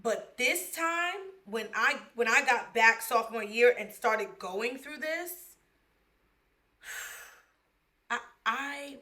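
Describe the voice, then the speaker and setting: Young Bronx woman, podcast storyteller; slow, heartfelt, slangy, with a high voice. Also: animated, pushed and bright. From the Bronx, New York. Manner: candid, emotional, slangy, addresses listeners as y'all. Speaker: podcast host telling her life story. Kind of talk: personal storytelling monologue.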